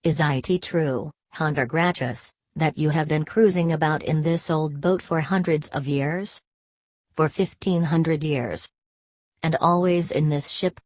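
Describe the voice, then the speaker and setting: A woman voicing a nervous, deferential male visitor in a read-aloud story, in a calm, measured way. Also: low-pitched, dry recording, studio quality. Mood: earnest.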